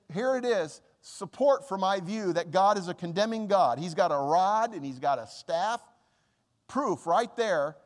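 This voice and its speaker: High-voiced preacher in an echoing hall. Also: male voice. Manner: earnest, pleading, slows down to stress scripture. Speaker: pastor. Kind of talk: sermon.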